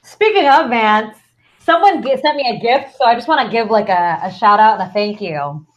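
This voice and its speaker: Woman co-host, fairly high voice, chatty and playfully teasing, casual banter. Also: lively intonation, normal speed, muffled recording. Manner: chatty, loses her thread and restarts, playful teasing. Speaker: podcast co-host. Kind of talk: casual chat.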